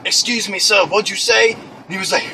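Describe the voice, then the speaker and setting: A man's voice: sits high, moderate pace, heavy background noise. A young man improvising a crude, clueless young British man who rambles, stammers and swears constantly, with a put-on British accent. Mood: worked up. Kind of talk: improvised comedy monologue.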